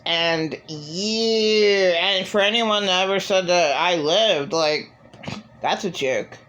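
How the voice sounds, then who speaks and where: A woman's voice: lowish voice, slow, a bit bright. A woman vlogging in a rambling, profane monologue, venting with raw emotion. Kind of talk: casual monologue.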